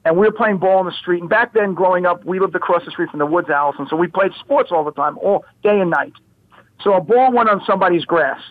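A man in his fifties telling a childhood story as a guest, animated and repeating his words. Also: sits high, fast talker, dry recording. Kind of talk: casual storytelling. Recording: phone-like radio line.

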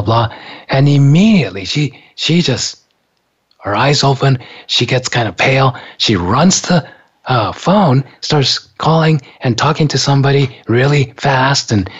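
A man's voice: medium pitch, slightly rough. An older man casually telling a personal story, laughing often and acting out the people he quotes. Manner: laughing, animated, acts out quoted voices. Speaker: storyteller recounting his heart attack. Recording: dull lo-fi recording.

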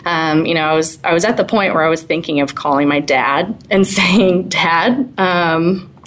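A woman's voice: sits low, normal speed, poor audio. A woman in her twenties telling her story as an interview guest, chatty with frequent little laughs and fillers.

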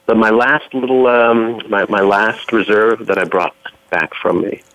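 Relaxed man chatting over a dull line. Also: lowish voice, a little slow, no echo. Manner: relaxed, hesitant, full of fillers. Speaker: radio show guest. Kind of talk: casual storytelling on a radio call.

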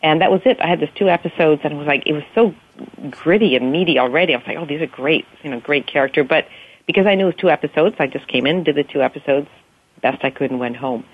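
A woman's voice: low voice, fast, slightly rough. A woman actress talking about her work in a casual interview, gushing and enthusiastic, often restarting her sentences. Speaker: actress guest. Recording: tinny phone line.

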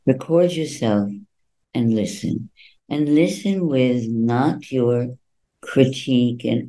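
Slow, mellow-voiced male voice coach. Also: medium pitch, rough recording. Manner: expressive, acts out little quoted voices. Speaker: voice coach guest. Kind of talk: interview answers.

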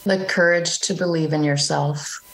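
A woman guest on a panel, answering in short, calm phrases. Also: sits low, normal speed, poor audio. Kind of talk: casual chat.

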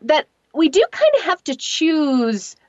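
Radio co-host lady, high voice, kinda muffled lo-fi audio, agreeable. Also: big pitch swings, takes it slowly, no echo. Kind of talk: casual radio talk.

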